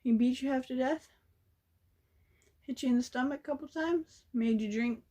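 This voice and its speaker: A woman's voice: high-pitched, moderate pace, mellow. A young woman telling a story in a casual vlog, blunt and sassy, swearing freely. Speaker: vlogger.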